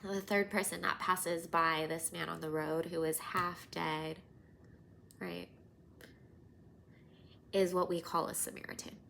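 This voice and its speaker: A woman in her thirties hosting a podcast, telling personal stories in an animated, casual way, sometimes dropping to near-whispers. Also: lowish voice, measured pace, gravelly, long pauses, a little hiss or hum. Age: 30s. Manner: animated, drops to near-whispers and laughs often. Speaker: podcast host.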